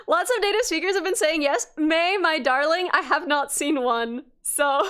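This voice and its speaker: Young woman streamer, high voice, loose rambling chat to viewers, lots of ums and self-restarts, laughs easily. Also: fairly bright tone. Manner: chatty and rambling, frequent restarts and fillers, laughs often. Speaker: livestreamer.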